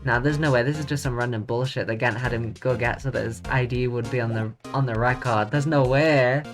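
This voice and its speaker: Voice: medium pitch, fairly even intonation, quick pace, music in the background. A tired, yawning streamer reading game text aloud and reacting bluntly with swearing during a live playthrough.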